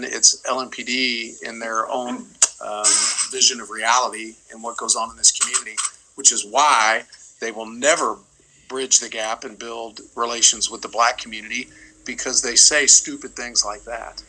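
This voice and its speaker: A man's voice: mid-range voice, steady tone, normal speed, bright, forceful tone, low-quality recording. A middle-aged male attorney speaking emphatically in a livestream interview, often repeating words as he builds his points. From United States.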